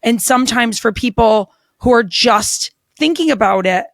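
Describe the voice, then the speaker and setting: A woman's voice: fairly high pitch, animated, normal speed, gravelly, no room sound, studio quality. A woman hosting a podcast interview, talking frankly and bluntly, swearing casually. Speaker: podcast host.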